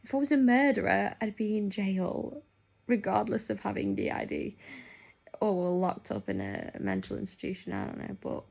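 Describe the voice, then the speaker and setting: A woman's voice: mid-range voice, very animated, normal speed, creaky, mellow. A young woman chatting casually in a vlog, rambling with lots of fillers. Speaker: nurse.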